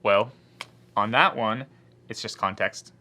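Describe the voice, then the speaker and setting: A man's voice: on the low side, slow, pushed and bright. A man teaching a Spanish grammar lesson to his class, explaining patiently and voicing the objections students might raise.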